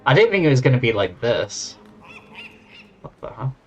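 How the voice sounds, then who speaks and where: A young man playing a game on stream, casually commenting in a puzzled, deadpan way and muttering to himself. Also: medium pitch, normal speed, slightly rough, faint music behind.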